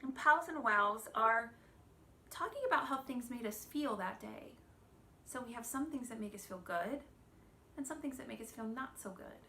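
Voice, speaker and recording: A woman in her thirties giving a children's church lesson, gentle and expressive, asking the children questions. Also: on the high side, normal speed, vocal fry, slight background noise.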